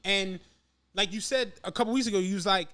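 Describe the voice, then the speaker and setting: A man chats on a podcast with a high, bright voice. He tells profane, animated stories and acts out what people said. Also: fairly quick. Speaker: podcast co-host. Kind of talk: casual chat.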